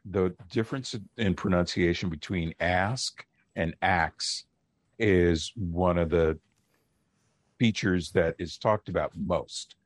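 Deep-voiced man explaining on radio. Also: dry recording. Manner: measured, lecturing with pauses. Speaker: linguist guest. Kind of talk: explaining on a call-in radio show.

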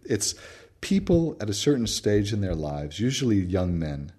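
With a mellow, low-leaning voice and a sing-song lilt, a male anthropologist tells stories at normal speed during a casual radio interview. He is animated and frequently restarts or uses fillers.

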